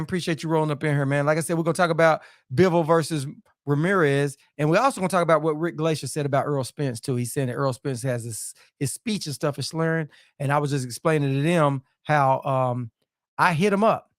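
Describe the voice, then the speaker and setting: A man's voice: fairly high pitch, brisk, no echo, studio quality. Casual man hosting boxing talk. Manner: loose, repetitive, peppers talk with "man". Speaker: boxing talk show host. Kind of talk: casual live-stream sports chat.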